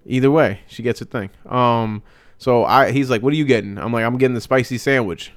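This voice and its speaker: A man's voice: medium pitch, fairly quick, no echo. A young man co-hosting a podcast, telling a casual story and acting out what others said. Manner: animated storyteller acting out quotes. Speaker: podcast co-host.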